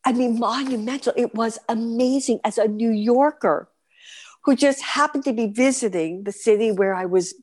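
A woman's voice: fairly high pitch, normal speed. A woman in her fifties from New York with a New York accent, a guest performer telling vivid stories in a podcast interview. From New York City. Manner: animated, vivid storyteller.

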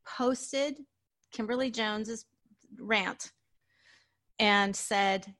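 A woman's voice: on the high side, a little slow, a bit bright. A woman hosting a conversational interview, emphatic and questioning as she makes her point. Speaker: host.

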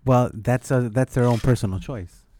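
A man's voice: medium pitch, normal speed, warm tone, no room sound. A man co-hosting a podcast, rambling and joking with casual swearing. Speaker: podcast co-host. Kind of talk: casual chat.

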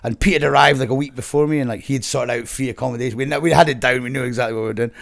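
A middle-aged Scottish man telling a wild story to an interviewer, animated and sweary, laughing as he goes. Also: mid-range voice, racing, vocal fry. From Scotland. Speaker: guest. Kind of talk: casual storytelling.

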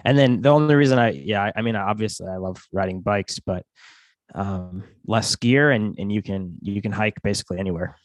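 A man's voice: fairly low pitch, brisk, no echo. A man co-hosting a podcast, talking in a casual, rambling way with many restarts. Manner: rambling, with restarts and self-corrections. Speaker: podcast co-host. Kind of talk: casual chat.

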